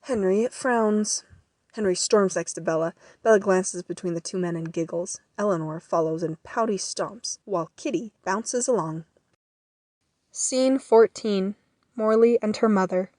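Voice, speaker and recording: Brief: woman reading stage directions, mid-pitched, dry and close. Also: warm tone, no echo. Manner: measured, matter-of-fact. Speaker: narrator. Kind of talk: reading scene directions in an audio drama.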